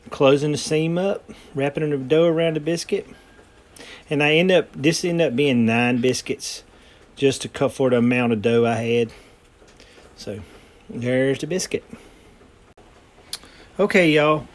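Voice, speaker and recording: A man's voice: on the high side, measured pace, pauses often. A man, talking casually and folksily while demonstrating cooking in his home kitchen. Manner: folksy, rambling, frequent ums. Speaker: home cooking channel host.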